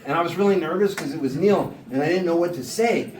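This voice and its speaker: A singer-songwriter telling a rambling comic story to a live audience, laughing and quoting people in voices. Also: male voice, a little high, fast, a little mellow. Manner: laid-back, laughing, quotes people in voices. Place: small showcase room, live audience. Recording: roomy live room, mic at a distance, background noise.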